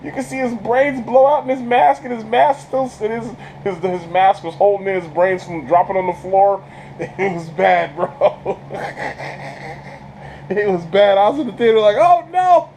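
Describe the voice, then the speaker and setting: A man giving a casual movie review, an excitable storyteller who stumbles over repeated words, laughs often and talks in slang. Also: high voice, measured pace, slight background noise, poor audio. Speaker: channel host reviewing a film.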